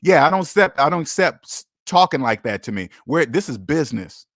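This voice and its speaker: Guy doing a livestream, kinda high voice, blunt and cussing, dry close sound. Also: sing-song, brisk, fairly bright tone, dry recording. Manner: blunt, emphatic and profane, repeating himself. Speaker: livestream host. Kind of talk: casual livestream chat.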